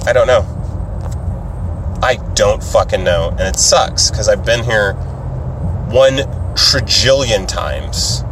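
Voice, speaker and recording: A man's voice: lowish voice, slow, long pauses, noisy background. A man telling a rambling, profane story in a casual vlog while driving his car, acting out other people's voices as he goes. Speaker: stand-up comedian vlogger.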